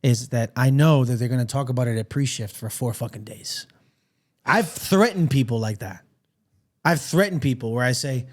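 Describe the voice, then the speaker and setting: Profane, animated male podcast co-host. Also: medium pitch, a little fast. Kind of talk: casual chat.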